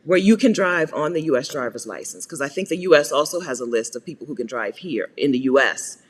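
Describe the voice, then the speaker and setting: Chatty American woman, lively voice. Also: low voice, a little fast, husky, long reverb tail. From United States. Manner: chatty, laughs often, greets viewers by name. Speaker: host answering viewer questions. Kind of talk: live Q&A chat.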